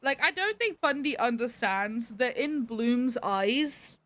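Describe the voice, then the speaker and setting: A woman's voice: on the high side, lively intonation, takes it slowly, sharp tone. A woman livestreamer chatting casually with her viewers, emphatic, swearing freely and laughing often. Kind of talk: casual chat to stream viewers.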